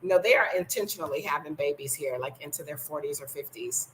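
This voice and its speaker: A woman's voice: sits low, quick pace, a little hiss or hum, poor audio. An older woman from the United States, blunt and sassy, chatting casually in a vlog from her home. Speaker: vlogger.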